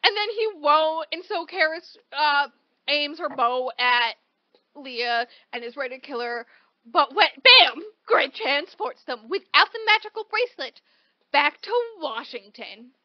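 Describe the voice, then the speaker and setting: Animated high-voiced woman recapping a book. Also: measured pace, no room sound, dull audio. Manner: animated storytelling, peppered with "like" and "right?"; swears casually. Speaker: podcast co-host. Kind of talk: casual book recap chat.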